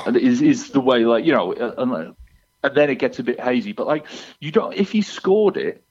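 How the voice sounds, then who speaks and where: A man's voice: mid-range voice, darkish tone. A man calling in to a podcast by phone, talking in a rambling, exasperated way with many restarts. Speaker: guest on the phone. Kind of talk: casual chat. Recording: dull phone line.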